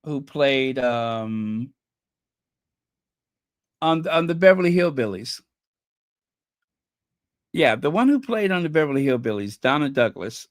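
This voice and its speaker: A gossipy livestream host talks slowly and unhurriedly, the pitch rising and falling a lot. The delivery is chatty and teasing, pausing to hunt for names. The sound is close and dry, with no room echo. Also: big pitch swings. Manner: chatty, gossipy, teasing, laughs at own jokes; trails off searching for names. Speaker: channel host. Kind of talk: casual livestream chat.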